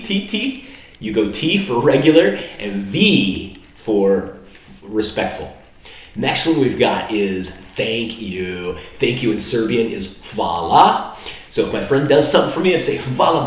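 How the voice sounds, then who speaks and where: A man from the United States giving a casual, rambling vlog lesson on basic phrases, slowing down to spell out foreign words. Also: fairly low pitch. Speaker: language learner teaching basic phrases. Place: indoor room in Serbia. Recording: very echoey room, mic far off.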